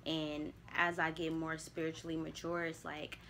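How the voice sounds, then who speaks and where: A woman's voice: deep voice, monotone, normal speed, fairly bright tone, a little hiss or hum. A young woman, talking candidly to herself on camera about spiritual growth, with casual swearing. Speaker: vlogger. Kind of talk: casual reflective monologue.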